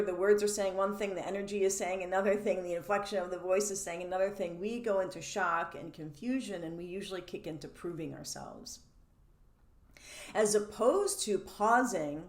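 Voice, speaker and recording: A woman talks through her teaching with lively energy, laughing now and then and putting on the voices of the questions she describes. Her voice sits on the low side. The recording has a noticeable roomy echo. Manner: animated, laughs between points, acts out quoted questions. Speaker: codependency coach. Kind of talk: teaching monologue.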